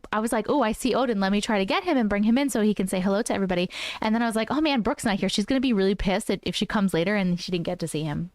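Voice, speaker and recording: A woman's voice: medium pitch, dry recording, clean studio sound. A woman in her thirties hosting a casual live stream, chatting with viewers and laughing often.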